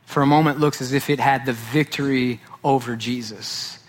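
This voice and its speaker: A man's voice: mid-range voice, fairly even intonation, normal speed. A male pastor preaching a sermon, emphatic and repeating key phrases for weight.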